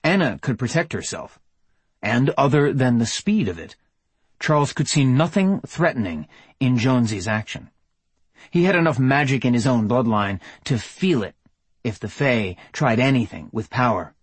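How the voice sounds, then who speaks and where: A male audiobook narrator reads a story in a steady, even manner. His voice has a husky edge at a mid pitch, captured close and dry with no room sound. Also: moderate pace, no echo. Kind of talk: scripted narration.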